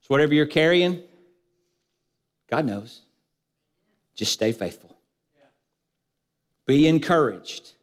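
High-voiced preacher in a reverberant hall. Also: male voice, expressive, takes it slowly, long pauses. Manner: preaching with repeated lists and rhetorical questions, voice dropping low at phrase ends. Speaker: pastor. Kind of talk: sermon.

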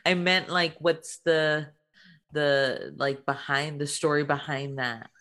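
A woman's voice: low voice, steady tone, takes it slowly, fairly bright tone. A woman in casual chat, easygoing and giggly.

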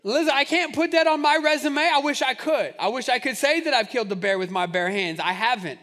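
A male preacher delivers a sermon, retelling a story and speaking straight to his listeners. His voice is very high and bright, with a forceful edge. He stresses key words with emphatic weight. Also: expressive, fairly quick. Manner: emphatic storytelling, direct address. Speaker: pastor.

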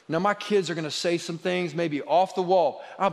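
A man preaching a sermon, telling stories about his children in a lively, animated way. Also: high-pitched, fairly quick, few pauses. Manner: animated storytelling, quoting his kids. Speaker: pastor. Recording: long hall reverb.

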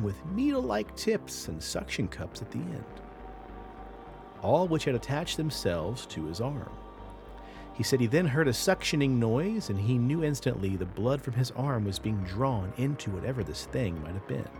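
A man hosting a paranormal podcast, telling a creature story in a lively way with casual asides. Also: mid-range voice, normal speed, music in the background. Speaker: podcast host.

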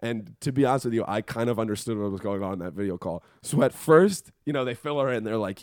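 A man's voice: fairly low pitch, quick pace, a little mellow, no echo, clean studio sound. A man co-hosting a podcast, casually recapping a movie, laughing often and chiming in with agreement. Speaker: podcast co-host.

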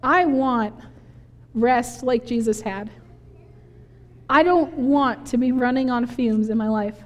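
A woman preaching a sermon, telling the story in an animated, conversational way. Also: on the high side, takes it slowly. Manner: animated storytelling, acting out quoted voices with laughs. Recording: long hall reverb.

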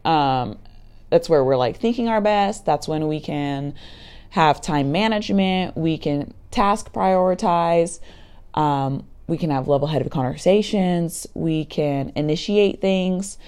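A woman with a low, mellow voice talks through an idea in a casual, searching way. She fills pauses with ums and likes and sometimes acts out what a parent might say. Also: smooth. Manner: chatty and searching for words, with frequent ums and likes. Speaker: podcast guest explaining a mental health approach. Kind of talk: casual explanatory talk.

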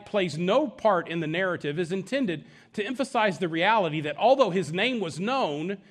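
A male pastor preaching a sermon, explaining scripture with folksy asides and chuckles. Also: sits high.

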